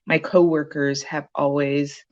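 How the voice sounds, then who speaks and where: A woman with a low voice recounts her experience in a relaxed interview. She rambles with many "um"s and restarts. The sound is dull and lo-fi, like a call. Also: a little slow. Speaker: program graduate sharing her story. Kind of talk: casual interview testimonial.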